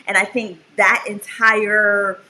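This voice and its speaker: A woman co-hosting a casual chat, expressive and quick to laugh. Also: mid-range voice, slight background noise, poor audio. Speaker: co-host.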